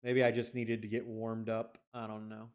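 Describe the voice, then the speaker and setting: A man's voice: on the low side, completely flat delivery, moderate pace, clear, resonant tone. A man streaming a video game, telling a story in casual, rambling chat with frequent swearing and restarts. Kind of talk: casual chat while gaming.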